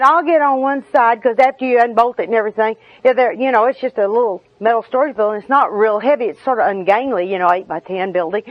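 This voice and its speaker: A middle-aged woman with a fairly high voice tells folksy, funny stories from her own life at a recovery meeting, often laughing as she goes. There's no echo, and the dull lo-fi recording picks up the audience.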